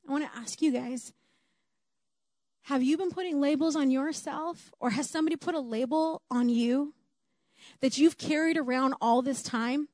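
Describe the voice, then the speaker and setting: Woman preacher, high voice, slow deliberate sermon delivery, earnest and emphatic, dry close sound. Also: darkish tone, no echo. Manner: earnest, emphatic, repeating key phrases.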